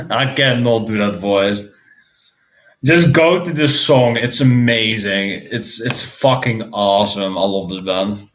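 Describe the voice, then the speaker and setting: A man's voice: fairly low pitch, slow, fairly bright tone. A man giving casual reaction commentary as a music reviewer, swearing freely, ranting and restarting his words often. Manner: profane, ranting, frequent stammered restarts.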